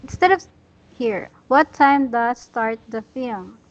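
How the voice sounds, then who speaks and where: A woman teaching an English lesson one-on-one, patiently praising her student and modelling each sentence slowly. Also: a little high, lively intonation, highs cut off. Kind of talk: online one-on-one language lesson.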